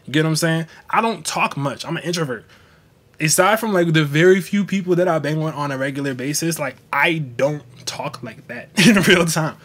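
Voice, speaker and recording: A young man talks to his livestream viewers in a blunt, slangy way, cursing freely. His voice sits a bit high for a man. He switches into mocking voices when he quotes people. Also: moderate pace, a bit bright. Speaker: astrology livestream host. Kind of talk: casual livestream talk.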